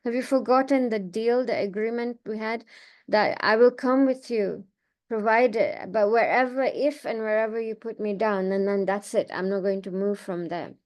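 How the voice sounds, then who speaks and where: A woman's voice: mid-range voice, moderate pace, darkish tone, natural voice. A woman voicing a sacred hill as a young boy who holds firmly to a promise, in a storytelling class. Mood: reproachful. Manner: earnest, insistent on a promise.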